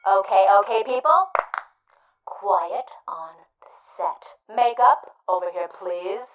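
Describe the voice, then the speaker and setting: A woman performing a bossy, flamboyant film director who shouts orders at the crew in an audio play. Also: medium pitch, expressive, slow pace. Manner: commanding, flamboyant, calls out to crew. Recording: roomy, distant, dull sound.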